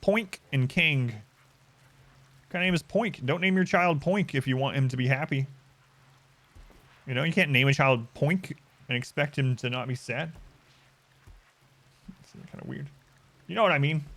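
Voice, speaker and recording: A man's voice: fairly high pitch, unhurried, pauses often, fairly bright tone. A man streaming a game, rambling in a wry, casual way while chatting to his viewers. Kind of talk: casual live-stream commentary.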